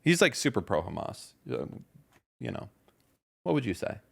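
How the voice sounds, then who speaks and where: Sarcastic man with a gravelly voice. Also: fairly low pitch, sing-song, normal speed, a bit bright. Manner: sarcastic, mocking. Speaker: podcast host reading tweets. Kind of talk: casual reaction chat.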